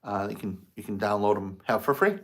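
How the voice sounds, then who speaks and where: A man's voice: on the low side, big pitch swings, fairly quick, fairly bright tone. Give me a man hosting a spiritual livestream, chatty, telling stories to his viewers. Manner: storytelling, acts out his own past quotes; greets viewers by name, loose and conversational. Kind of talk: casual livestream chat.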